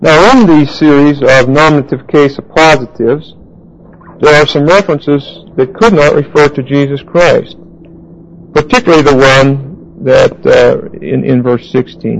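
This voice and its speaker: A man teaching a Bible lesson, explaining Greek grammar deliberately and spelling out words as he writes them on a board. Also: on the high side, gravelly, poor audio. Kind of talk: Bible study lecture.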